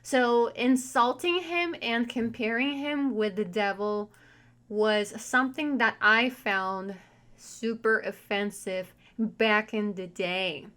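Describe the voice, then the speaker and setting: A woman's voice: a little high, steady tone, slow pace, a bit bright. A woman vlogger telling a personal story in a chatty, candid and wry way. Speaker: spiritual vlogger and tarot reader. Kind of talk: casual storytelling monologue.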